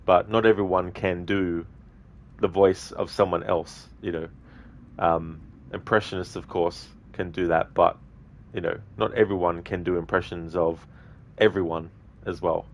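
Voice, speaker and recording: A man's voice: deep voice, steady tone, a little slow. An Australian man streaming a video game, chatting casually and rambling with many fillers. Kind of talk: casual commentary.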